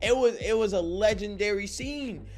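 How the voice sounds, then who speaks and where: A high-pitched young man speaks at normal speed, telling a story in a relaxed vlog. His delivery is lively and packed with slang, and he often checks whether his audience is following.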